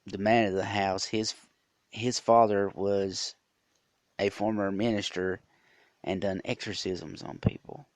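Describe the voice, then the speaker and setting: Low-voiced man hosting a podcast. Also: little pitch movement, a little slow, dry recording, studio quality. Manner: rambling, with many fillers and restarts. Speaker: podcast host. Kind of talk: casual storytelling monologue.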